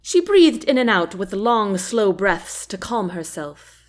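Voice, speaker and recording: A woman narrating a fantasy novel chapter as an audiobook host, in a gentle, unhurried reading. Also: mid-range voice, very animated. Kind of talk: storybook narration.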